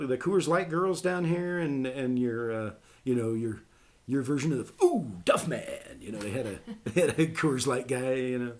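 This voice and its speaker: A man's voice: medium pitch, darkish tone. A middle-aged man talking casually on a podcast, rambling with many ums and restarts.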